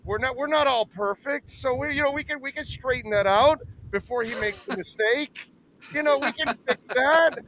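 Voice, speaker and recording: A man's voice: very high-pitched, normal speed, fairly bright tone. A man hosting a live sports talk show outdoors, bantering and teasing his guest, speaking through a face mask in the wind. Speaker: sports radio show host. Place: outdoors outside a cigar bar in strong wind. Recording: faint wind and outdoor noise.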